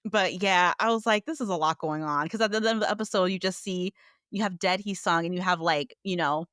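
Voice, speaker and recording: A woman co-hosting a casual review podcast, animated and acting out characters' lines as she retells scenes. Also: on the low side, fairly quick, clean tone, no room sound, clean studio sound. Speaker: podcast co-host.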